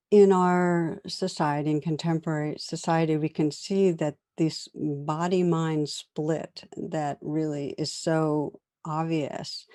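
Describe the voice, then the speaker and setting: Woman giving a dharma talk, warm low tone, gentle, chuckles through her stories. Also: dry recording, studio quality. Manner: gentle, reflective, laughs softly while telling stories. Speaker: meditation teacher.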